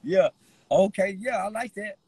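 A man rambling to the camera while high, giggling through his words, teary-eyed from laughing, with a loose, slangy way of talking. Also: unhurried, mellow, slightly rough, no echo, rough recording. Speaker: vlogger. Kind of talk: rambling stoned chat to camera.

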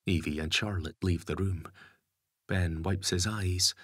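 A man narrating an audiobook story in a measured storytelling manner. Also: sits low, fairly even intonation, fairly bright tone, slightly rough, dry recording, clean studio sound.

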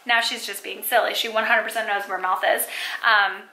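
Bright-voiced chatty young mom. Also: female voice, medium pitch, steady tone, moderate pace. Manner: chatty, lots of "like" and "um" fillers. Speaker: mom vlogger. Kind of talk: casual chat to camera. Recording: echoey room.

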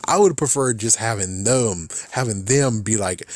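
A man rambling through a casual book review, slangy and quick to laugh, with exaggerated asides. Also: medium pitch, lively intonation, no echo, studio quality.

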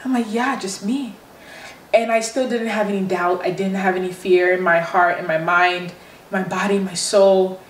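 A woman talking in a casual travel vlog, effusive and emphatic, repeating how excited and grateful she feels. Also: on the low side, moderate pace, echoey room, rough recording. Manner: gushing, effusive, emphatic repetition. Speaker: travel vlogger. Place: hotel resort room. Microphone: phone held while walking.

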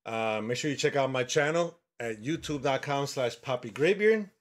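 A man giving horror game commentary as a channel host, excitable and quick to yell when startled. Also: mid-range voice.

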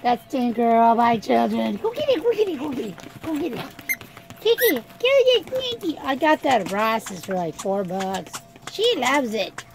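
A woman's voice: on the high side, big pitch swings, moderate pace. A woman filming her pets at home in her living room, chatting casually and cooing at them in baby talk. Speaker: vlogger showing her pets. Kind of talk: casual home video chat. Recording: noisy home recording with pets.

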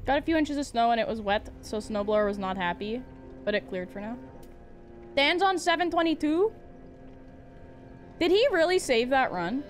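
A woman streaming a game live, chatting casually with her chat, giggling often and breaking into excited outbursts. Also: high voice, normal speed, long pauses, soft background music.

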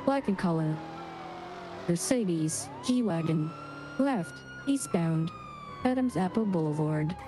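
A woman doing a deadpan robot sheriff. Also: on the low side, slow pace, long pauses, background noise. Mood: robotic. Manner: clipped dispatch-style monotone calls. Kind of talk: game role-play.

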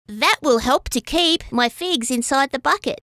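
A woman's voice: high voice, unhurried, no room sound, clean studio sound, voice pushed up, exaggerated voice. A woman voicing an eager, boastful young animal ranger in a children's storybook. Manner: boastful, excitable.

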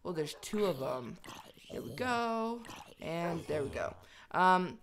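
Excitable woman gaming host, lively voice. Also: fairly low pitch, slow pace. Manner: excitable, chatty, talks to her pets. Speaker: let's play host. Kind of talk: video game commentary.

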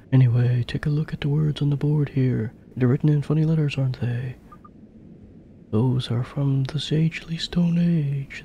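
A man voicing a cocky, teasing male ghost from a fantasy game, talking briskly. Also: fairly high pitch, mellow, a little hiss or hum, voice pushed up, close to an everyday voice.

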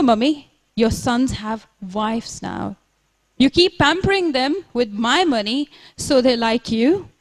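A woman reading aloud, voicing a headstrong young woman who bluntly scolds her mother. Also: high voice. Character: headstrong young Indian woman, sharp-tongued dancer.

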